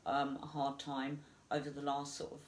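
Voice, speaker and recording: A woman medium giving a live psychic reading, gentle and reassuring, halting with many fillers. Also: very deep voice, completely flat delivery. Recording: echoey room.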